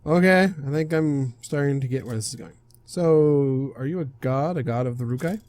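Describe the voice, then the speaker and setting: A young man casually reads a visual novel aloud for a game stream, stumbling, laughing, and correcting himself as he goes. His voice is mid-range and darkish, moderately paced, with no echo.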